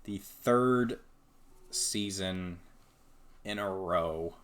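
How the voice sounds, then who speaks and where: A man's voice: low-pitched, very slow. A man giving casual commentary while playing a hockey video game, exasperated and sarcastic, muttering to himself. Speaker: gaming YouTuber.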